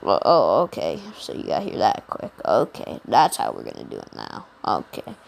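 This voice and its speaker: A woman putting on a deep-voiced, unimpressed teacher. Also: wildly swooping pitch, moderate pace, creaky, slight background noise, full character voice. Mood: grudging. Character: unimpressed female teacher, slow deep drawl.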